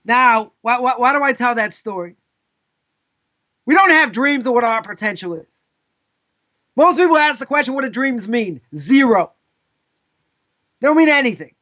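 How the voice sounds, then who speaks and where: Male rabbi, live lesson; high-pitched, casual storyteller with asides, dull lo-fi recording. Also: normal speed, pauses often. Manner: casual, animated, with frequent asides. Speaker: rabbi teaching a class.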